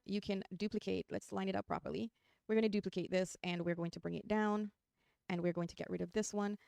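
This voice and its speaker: A woman's voice: on the low side, vocal fry, a little mellow, dry recording, clean studio sound. A woman with a New Jersey accent giving a chatty, upbeat live screen-share tutorial, talking her viewers through each step as she clicks. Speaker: online design tutor.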